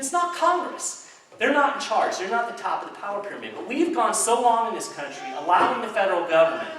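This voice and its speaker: A man giving a public talk to a crowd in a chamber of commerce hall, in an animated storytelling manner. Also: high voice. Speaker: speaker. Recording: echoey hall, distant mic, faint noise.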